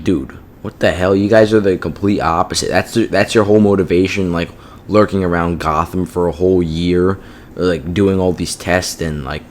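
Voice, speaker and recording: A man's voice: low-pitched, darkish tone, a little hiss or hum. A man giving a casual, profane review of a TV show, exasperated and peppered with "like" and "you know what I mean".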